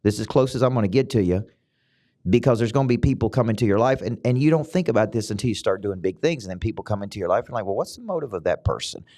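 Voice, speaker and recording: Rapid-fire and dark in tone, a middle-aged Southern American man hosts a motivational business-coaching podcast. He talks with emphasis, repeats himself, and his pitch springs upward abruptly.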